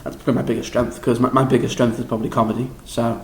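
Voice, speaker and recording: A young man with a Liverpool accent, recapping a drama school audition in a rambling, excitable, self-deprecating way with lots of restarts. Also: medium pitch, very fast, echoey room, a little hiss or hum, rough recording. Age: young adult. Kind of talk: casual vlog recap.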